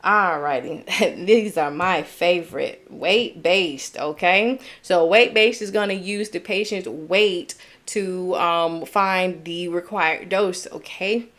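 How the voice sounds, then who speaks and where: A woman's voice: lowish voice, fairly bright tone. A young woman with a Southern US accent, tutoring nursing students on a live stream, chatty and upbeat, reading chat comments and checking in with "okay?". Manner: upbeat, chatty, drawn-out explaining with frequent "okay?".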